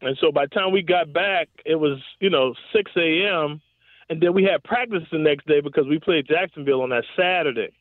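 A man's voice: on the high side, fairly quick, dry recording. A man, a former pro football receiver, telling stories in a casual interview, laughing often and leaning on "you know what I'm saying". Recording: dry, tinny phone-like line.

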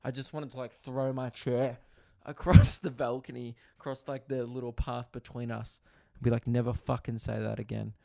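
Young Aussie guy, comedian host, gravelly voice, dry close sound, swears freely while telling a story. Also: mid-range voice, flat delivery, moderate pace, mellow, no echo. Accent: Australian. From Australia, Victoria. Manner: crude, profane storytelling with frequent asides. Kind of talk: comedic podcast monologue. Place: hotel room in quarantine.

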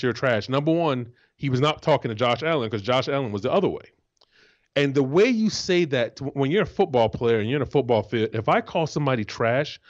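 A man's voice: medium pitch, lo-fi sound. A man who once played pro football, co-hosting a casual sports talk show in an emphatic, profane way. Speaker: co-host, former football player.

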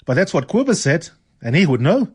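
A man's voice: fairly high pitch, big pitch swings, brisk, a little mellow, breathy edge, pitched above the performer's own voice. A man putting on a pushy middle-aged landlady. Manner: chatty and pushy. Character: nosy, blunt middle-aged woman landlady. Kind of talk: reading a novel aloud on radio.

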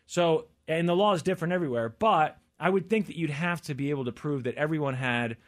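Fast-talking man telling a story. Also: fairly high pitch. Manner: storytelling, quotes others in lively voices. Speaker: podcast co-host. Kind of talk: casual chat.

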